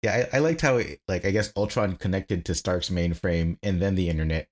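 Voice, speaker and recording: A man co-hosting a podcast in casual film chat, with deadpan sarcasm and stumbling restarts. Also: low-pitched, fairly quick. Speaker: podcast co-host. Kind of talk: casual movie review chat.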